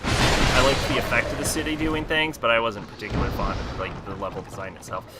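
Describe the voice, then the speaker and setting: A man's voice: medium pitch, little pitch movement, fairly quick, over loud music. A man streaming and chatting casually, rambling with lots of fillers and laughing easily.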